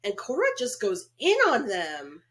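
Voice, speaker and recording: A woman's voice: medium pitch, unhurried. A woman co-hosting a horror movie podcast, chatting casually about a film and often acting out what the characters say. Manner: animated, acts out quoted characters. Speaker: podcast co-host. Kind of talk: casual movie review chat.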